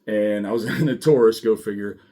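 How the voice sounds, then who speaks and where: A middle-aged man, a former sheriff's deputy, telling his story in a blunt, profane and animated way. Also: fairly low pitch, brisk. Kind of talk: casual storytelling monologue.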